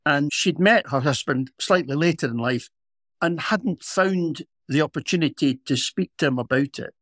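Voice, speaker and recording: A middle-aged Scottish man, a former police officer co-hosting a podcast, telling a story in a measured, reflective way. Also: fairly high pitch, fairly bright tone, no room sound, clean studio sound. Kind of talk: casual storytelling.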